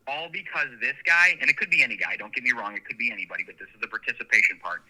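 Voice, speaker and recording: Bright-voiced man telling stories by phone. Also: mid-range voice, racing. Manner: long anecdotes, earnest and animated. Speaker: sheriff candidate, guest. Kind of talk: casual interview storytelling. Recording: phone line.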